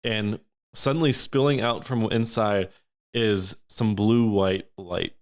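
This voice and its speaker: A low-voiced man runs a tabletop fantasy game as game master. He narrates scenes at length, often circling back and restarting his sentences as he describes them. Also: steady tone, takes it slowly. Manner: descriptive, many fillers and restarts.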